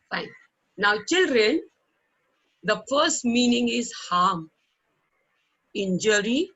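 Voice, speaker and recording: Slow, patient Indian English teacher. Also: female voice, medium pitch, pushed and bright, breathy edge, low-quality recording. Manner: slow, patient, repeats words for children to copy; ends phrases with coaxing "okay?". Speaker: primary school English teacher. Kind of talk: online class teaching. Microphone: online call microphone.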